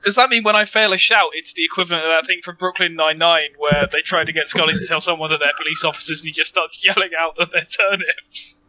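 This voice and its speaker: Bright, high-voiced man gaming. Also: fast, few pauses, low-quality recording. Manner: joking, self-deprecating, animated asides. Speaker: player. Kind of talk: casual tabletop play.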